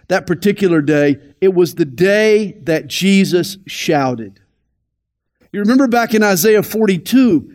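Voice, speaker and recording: A man pastor teaching scripture in a deliberate, emphatic way, dropping to soft asides. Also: high-pitched. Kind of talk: radio Bible teaching.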